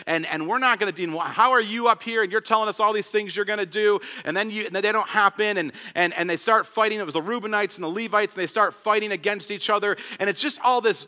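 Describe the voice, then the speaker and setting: A man preaching a sermon, animated, often repeating words and acting out the voices of the people in his story. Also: high-pitched. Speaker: pastor. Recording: long hall reverb.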